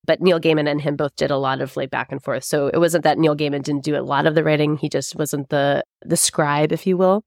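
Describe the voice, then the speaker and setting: A woman's voice: deep voice, steady tone, fairly quick, creaky, hardly any pauses, no echo, studio quality. A woman co-hosting a podcast, telling a story in a casual chat, laughing often and swearing freely. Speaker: podcast co-host.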